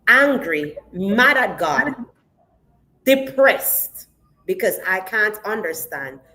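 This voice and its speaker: A woman's voice: medium pitch, big pitch swings, takes it slowly, pushed and bright, rough recording. A woman pastor sharing a personal testimony in an interview, telling it vividly and with emotion and acting out the dialogue.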